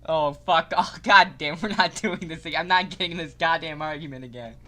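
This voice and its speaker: A young man streaming a game live, casual and excitable, cursing often and swinging from mock calm to yelling. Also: a little high, brisk.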